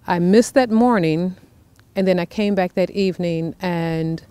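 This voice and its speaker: A woman who runs a youth ranch program, speaking plainly and haltingly with frequent fillers in an interview. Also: fairly low pitch, darkish tone, smooth. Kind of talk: interview and hands-on instruction.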